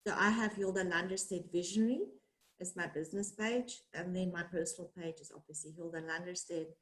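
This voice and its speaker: A woman's voice: on the low side, fairly even intonation, fairly quick, fairly bright tone, poor audio. A woman from South Africa with a South African accent tinged with American, speaking casually and with laughter as a webinar guest. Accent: South African with some American. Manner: chatty, laughing, self-deprecating. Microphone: video call.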